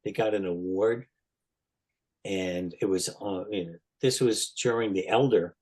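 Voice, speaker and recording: Animated New storyteller, a man. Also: sits low, unhurried. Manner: animated storyteller, acts out quotes loudly. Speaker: guest. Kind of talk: storytelling in a podcast interview.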